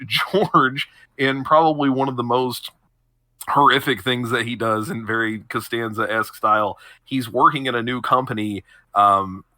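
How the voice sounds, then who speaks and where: A man's voice: mid-range voice, pushed and bright, dry recording. A young man on a podcast, animatedly retelling TV episodes and laughing often mid-sentence. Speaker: podcast co-host. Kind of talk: casual chat, recapping TV episodes.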